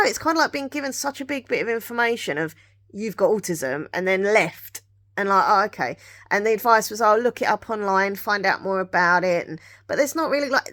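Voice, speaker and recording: A woman's voice: medium pitch, fairly bright tone. A woman, talking candidly to her camera in a rambling, confiding way, full of restarts and asides. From England. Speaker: vlogger. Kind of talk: candid personal chat to camera.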